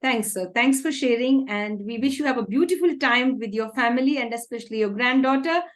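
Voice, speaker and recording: A woman's voice: fairly high pitch, a little fast. A woman hosting an interview, very polite and formal, addressing her guest as sir again and again. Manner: very polite, repeats "sir" often. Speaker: interview host.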